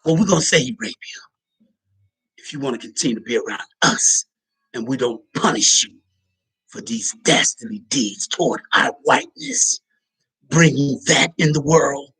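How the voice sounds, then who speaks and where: A man voicing a cold, pompous authority figure who talks slowly and sneers. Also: mid-range voice, expressive, pushed and bright, husky, heavily acted, poor audio. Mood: sneering.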